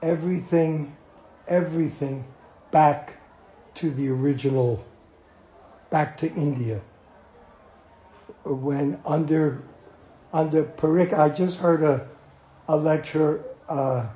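An older man slowly telling a personal anecdote to a small group, acting out quotes and laughing as he goes. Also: a little high, roomy sound, muffled recording. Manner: slow, animated storyteller who acts out quotes and chuckles. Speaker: devotee telling memories.

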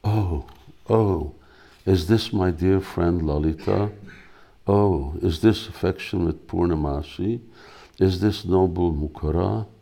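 A devoted young woman in sorrow, as a man reads her lines aloud. The voice is very low and mellow, with a gravelly edge. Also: slow, heavily acted.

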